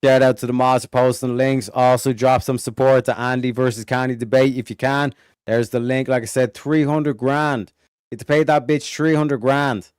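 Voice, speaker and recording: A man hosting a casual livestream chat, reading viewer messages aloud, swearing and mocking loudly. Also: medium pitch, little pitch movement, normal speed, smooth, no echo, studio quality. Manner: profane, loud, mocking. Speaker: livestream host.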